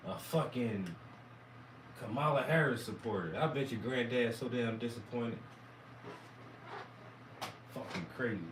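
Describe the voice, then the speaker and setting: Hoarse man ranting crudely. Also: medium pitch, roomy sound, far from the mic, slight background noise, rough recording. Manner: rambling, crude, mocking rant. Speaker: commentator reacting to debate clips. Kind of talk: profane reaction commentary.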